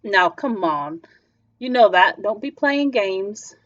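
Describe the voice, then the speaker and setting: A woman's voice: medium pitch, lively intonation, takes it slowly, dry recording. A woman doing a sneering, menacing male stranger. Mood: needling. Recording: slightly dull lo-fi recording. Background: faint music.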